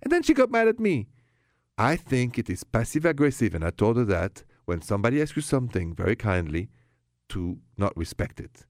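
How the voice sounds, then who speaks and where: A man with a mid-range voice and a thick French accent hosts a late-night call-in radio show about love, very animated, a little fast, and playfully romantic. He's on a studio microphone with clean sound and no room echo.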